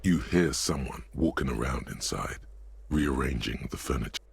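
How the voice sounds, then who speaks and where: A man voicing a grim, ominous narrator in a video game, with a gravelly, slow delivery. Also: a bass voice, expressive, slight background noise, heavily acted.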